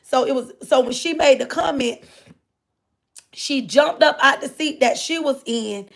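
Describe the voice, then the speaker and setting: An adult woman livestreamer reads viewer comments and tells a loose, rambling story, repeating phrases and often addressing her listeners directly. Her high voice, a bit bright, has a gravelly vocal fry running through it, and she's unhurried.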